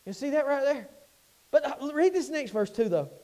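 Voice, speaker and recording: A male pastor, preaching an impassioned sermon in a church sanctuary and swinging between loud cries and hushed lines. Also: extremely high pitch, lively intonation, normal speed.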